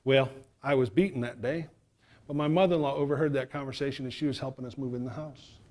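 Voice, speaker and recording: A middle-aged man from New York giving an animated fire safety talk, acting out the voices in his stories. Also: mid-range voice, fast. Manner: animated, acts out quoted voices.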